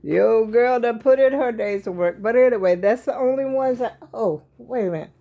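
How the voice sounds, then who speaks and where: An older woman vlogger shows off her crochet, chatting casually to camera and rambling in a folksy way while a little out of breath. Her voice is fairly high, mellow and a little fast. The sound is lo-fi.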